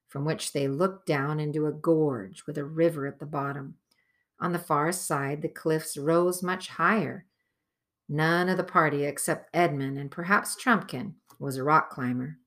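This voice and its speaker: Woman reading a kids novel aloud, slow and steady, bright voice. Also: sits low. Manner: measured storytelling. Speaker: audiobook narrator. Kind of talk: scripted narration.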